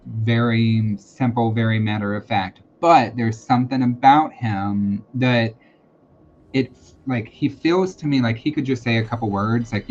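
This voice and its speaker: A man's voice: mid-range voice, normal speed. A man hosting a live-streamed tarot and psychic reading, talking casually and reassuringly with lots of fillers and repeated phrases. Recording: dull lo-fi sound with faint background noise.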